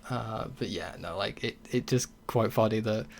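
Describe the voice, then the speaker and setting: A man's voice: fairly low pitch, moderate pace, creaky. A young man hosting a casual solo podcast, talking bluntly with swearing and sarcastic mocking asides. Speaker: podcast host.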